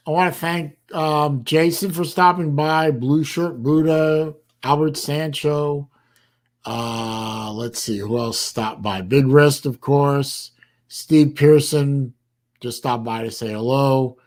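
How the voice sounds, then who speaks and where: A man's voice: mid-range voice, steady tone. Rambling man hosting a livestream. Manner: rambling and halting, dry sarcasm. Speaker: livestream host. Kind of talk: casual livestream chat.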